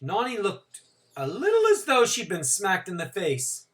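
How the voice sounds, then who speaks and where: A man teacher reading a novel aloud to his class, with expressive, dramatic emphasis. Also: high voice, a little slow.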